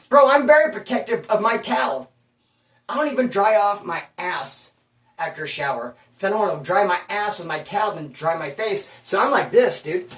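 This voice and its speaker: A man's voice: high-pitched, a bit bright, recorded from a distance. A man hosting his channel, telling stories in a casual, slangy, self-mocking way. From Bakersfield, California. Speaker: channel host. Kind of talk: casual storytelling monologue. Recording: roomy sound, voice away from the mic.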